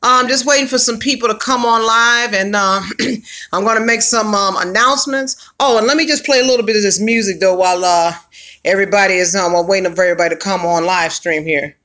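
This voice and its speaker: Bright-voiced woman hosting a chatty livestream. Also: medium pitch, a little fast. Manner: upbeat, greets viewers by name, slangy. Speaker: livestream host. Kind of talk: casual livestream chat.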